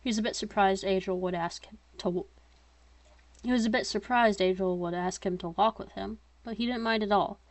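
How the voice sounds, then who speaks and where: Woman author reading her own tale, plain pitch, dry close sound, slips into chatty asides. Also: a little fast, dry recording. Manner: plain steady reading broken by chatty self-mocking asides. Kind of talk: informal story reading.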